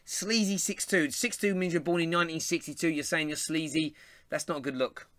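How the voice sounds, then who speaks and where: Bright-voiced London host reading comments. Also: male voice, fairly high pitch, steady tone, fairly quick, no room sound. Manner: chatty, laughs often, reads viewer comments aloud. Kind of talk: live fan show chat, reading comments.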